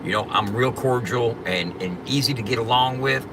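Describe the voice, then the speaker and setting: A man talks casually to his livestream audience, bragging about how funny he is and cussing freely. His delivery is loose and drawling, full of repeated filler phrases, and his voice sits in a middle pitch. Clear vehicle and ambient noise runs behind him. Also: normal speed. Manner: boastful, profane, joking banter with chat; drawling, repeats "you know what I'm saying". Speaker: livestream host.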